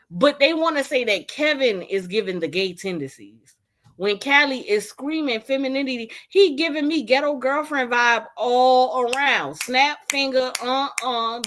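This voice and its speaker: A young woman giving animated, incredulous casual commentary in a vlog, often laughing. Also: sits high, a little slow. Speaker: vlogger.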